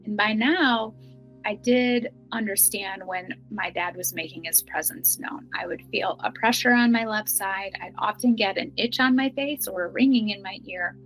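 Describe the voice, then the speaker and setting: A middle-aged woman telling a personal story earnestly, some lines hushed and some bright. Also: medium pitch, rough recording. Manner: earnest, emotional, shifts between hushed and bright. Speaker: guest telling her experience.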